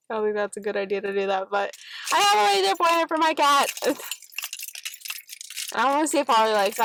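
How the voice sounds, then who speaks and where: A young woman from Texas vlogs casually in and around her car, partly outdoors, rambling with lots of fillers and cursing freely. Her voice is a little high and creaky, recorded on a phone camera set down nearby with background noise.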